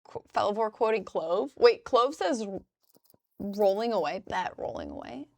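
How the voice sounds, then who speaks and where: A woman's voice: mid-range voice, animated, unhurried, creaky, a little mellow, no echo. A young woman from the US Midwest, chatting loosely with her live chat as a streamer and swearing casually. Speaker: livestreamer. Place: indoors at a crafting desk.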